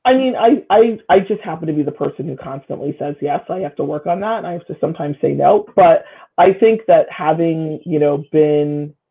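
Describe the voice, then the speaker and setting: Woman on a tinny phone line, gravelly. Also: low voice, a little fast. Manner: thoughtful, many fillers and restarts. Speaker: guest, local official and school staff. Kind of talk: casual conversation.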